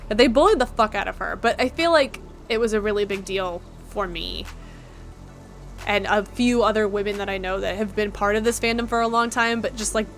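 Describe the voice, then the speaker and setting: A woman's voice: mid-range voice, fairly quick, a bit bright, faint music behind. A young adult woman livestreamer, chatting casually, joking and swearing as she talks. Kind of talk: casual stream chat.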